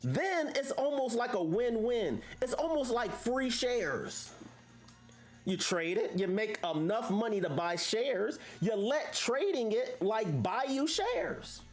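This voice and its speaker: A woman's voice: on the high side, very animated, slow, faint music behind. A woman hosting a casual livestream, talking to viewers in a preachy way full of rhetorical questions. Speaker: livestream host.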